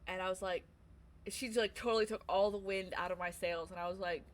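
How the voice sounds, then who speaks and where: A woman's voice: on the low side, steady tone, a little fast. A woman livestreamer telling a personal story in a candid, chatty way, swearing casually as she talks.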